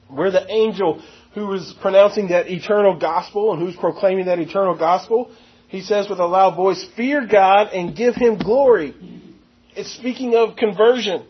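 A man preaching a verse-by-verse sermon, stressing key words and slowing down to read scripture aloud. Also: high-pitched, steady tone, breathy edge, lo-fi sound. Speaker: pastor.

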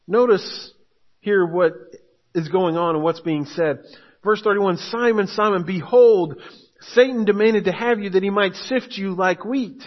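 High-voiced man preaching. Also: lo-fi sound. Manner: earnest preaching, rising to emphatic urgency. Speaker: pastor. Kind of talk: sermon.

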